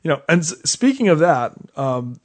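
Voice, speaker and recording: Fairly high-voiced man, podcast co-host. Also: big pitch swings, moderate pace. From United States. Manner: chatty, laughs between remarks. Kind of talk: casual podcast chat.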